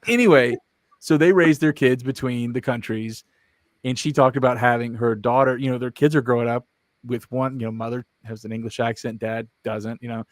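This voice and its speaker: A man's voice: medium pitch, fairly even intonation, normal speed, dry recording. A man hosting a podcast, asking friendly follow-up questions in a casual, conversational way. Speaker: podcast host. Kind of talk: casual interview chat.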